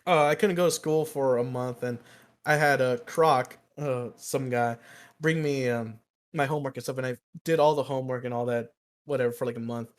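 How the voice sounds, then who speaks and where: A man's voice: mid-range voice, steady tone, normal speed. A young man co-hosting a podcast, telling a rambling, profane story and laughing at himself. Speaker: podcast co-host. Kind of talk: casual storytelling chat.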